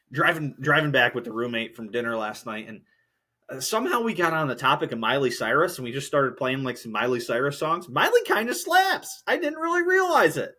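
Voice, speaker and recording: Profane, bright-voiced man ranting as host. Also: mid-range voice, sing-song, fairly quick. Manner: heated, profane, rambling. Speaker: podcast host. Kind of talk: solo podcast rant.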